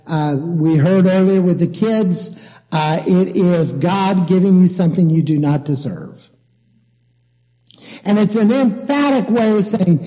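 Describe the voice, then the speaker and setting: A man preaching a sermon as pastor, emphatic and deliberate as he explains scripture. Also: high voice, warm tone, long reverb tail, rough recording.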